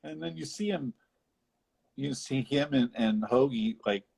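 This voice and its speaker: A man co-hosting a casual podcast, recapping a film in a rambling, animated way with frequent laughter. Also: mid-range voice, unhurried, gravelly, husky. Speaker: podcast co-host. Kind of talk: casual film discussion chat.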